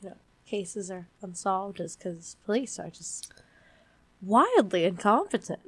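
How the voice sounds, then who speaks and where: A woman's voice: lowish voice, fairly even intonation, a little slow, slightly rough. A woman co-hosting a casual podcast, reacting with disbelief and frequent laughs. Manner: reactive, incredulous, laughs often. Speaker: podcast co-host.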